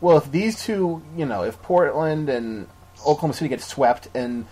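A man's voice: on the high side, animated, moderate pace, dark tone, breathy edge. A man co-hosting a podcast, chatting casually and opinionated about basketball, rambling with frequent restarts. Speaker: podcast co-host. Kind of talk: casual sports chat.

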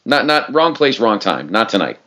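A man co-hosting a casual podcast chat, animated and playful, often mimicking reactions. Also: normal speed. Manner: animated, shifts pitch a lot when mimicking reactions. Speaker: podcast co-host.

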